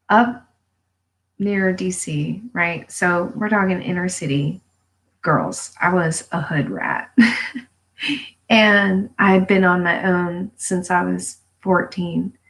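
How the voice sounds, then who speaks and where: A woman chatting on a live home video, telling personal stories and giving pep talks. She talks in a blunt, profane, animated way and laughs often. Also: medium pitch, low-quality recording. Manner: emphatic pep-talk delivery. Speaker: vlogger. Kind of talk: casual live-stream storytelling. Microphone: phone or webcam for a live video.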